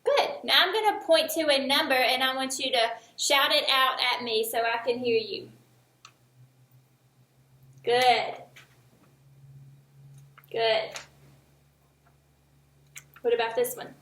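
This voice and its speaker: A woman teaching young children a remote lesson, speaking slowly and encouragingly, with each word clearly enunciated. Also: high voice, pushed and bright, roomy sound. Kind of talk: early-years remote lesson.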